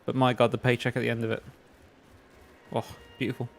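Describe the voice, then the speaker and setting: A man's voice: medium pitch, completely flat delivery, brisk, gravelly. Rambling English man chatting while gaming. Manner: rambling, anecdotal, many fillers. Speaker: streamer. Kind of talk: casual chat while gaming.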